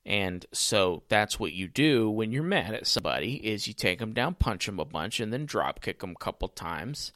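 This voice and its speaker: A man's voice: fairly low pitch, very animated, moderate pace, few pauses, fairly bright tone, dry recording, clean studio sound. A man giving casual live commentary on a wrestling show in a chatty way, often speaking straight to his viewers. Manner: chatty, addresses viewers directly. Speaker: wrestling watch-along commentator.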